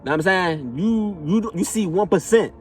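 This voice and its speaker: A man's voice: sits high, expressive, moderate pace, darkish tone. A man speaks a little away from the mic, so his voice sounds distant. Faint music plays under his casual, motivational monologue. He repeats his phrases for emphasis. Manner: repetitive, emphatic, casual slang with frequent "know what I'm saying". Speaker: motivational vlogger.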